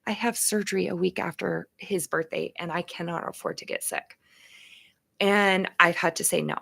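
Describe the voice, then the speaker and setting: A woman's voice: on the low side, steady tone, normal speed, creaky, fairly bright tone. A woman hosting a casual talk show, speaking in an emphatic, chatty way and openly sharing her feelings about empathy and boundaries. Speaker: show host.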